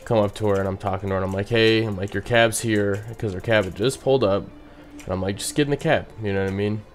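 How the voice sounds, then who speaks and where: Laid-back man with a low voice. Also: fairly even intonation, fast. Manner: rambling, many "you know what I mean" asides. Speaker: bartender telling a story. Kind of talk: casual storytelling vlog.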